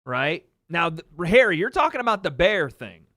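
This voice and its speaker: A man's voice: on the high side, moderate pace, no room sound, clean studio sound. A man hosting a livestream, casually telling a story and answering his chat. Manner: animated storytelling, talks to chat. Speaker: livestream host.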